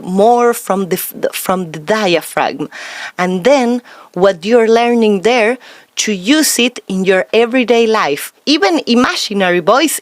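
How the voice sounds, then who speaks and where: A woman as an interview guest, explaining things deliberately. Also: on the high side, no room sound. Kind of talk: interview conversation.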